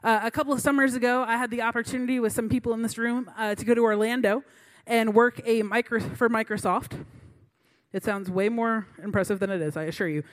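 A woman's voice: on the high side, steady tone, brisk. Chatty young woman preaching a sermon. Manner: chatty, storytelling, many fillers.

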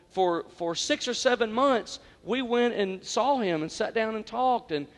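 A man's voice: very high voice, big-room sound. A male pastor preaching an Easter sermon in a church, talking in a conversational, heartfelt way with frequent restarts and repeated words. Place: church sanctuary.

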